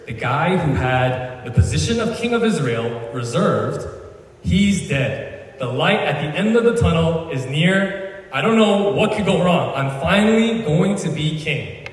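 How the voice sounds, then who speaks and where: A man voicing an impatient young man who can't wait to become king, talking in an excited rush. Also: medium pitch, normal speed, lightly acted. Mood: elated. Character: eager young male would-be king, restless and impatient. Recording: echoey hall, voice from far off.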